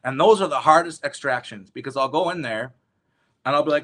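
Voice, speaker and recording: A man talking as an interview guest, telling a story in an animated, rambling way with lots of swearing. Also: on the high side, brisk. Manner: animated, profane, rambling with restarts.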